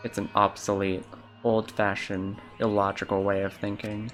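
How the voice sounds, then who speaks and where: Streamer doing a low, bored girl detective, aloof and flat, faint music behind. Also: moderate pace. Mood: bored, solemn. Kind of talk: reading game dialogue aloud in a voice.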